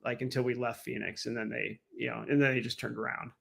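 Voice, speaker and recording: A man guesting on a podcast tells a story in loose casual chat. He rambles and packs it with fillers. His voice has a gravelly, creaky edge. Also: medium pitch, flat delivery, fast talker, fairly bright tone.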